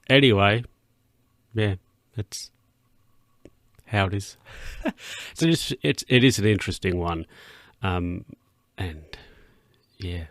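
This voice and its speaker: A young man rambles through a casual solo podcast, restarting his sentences and chuckling between thoughts. His voice sits low and carries a gravelly fry. The room around him sounds dry and close, and he yawns now and then as he talks. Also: expressive, unhurried, long pauses, a bit bright, no echo. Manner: rambling, self-interrupting, chuckling, voices his own thoughts in a high put-on tone. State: yawning. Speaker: podcast host.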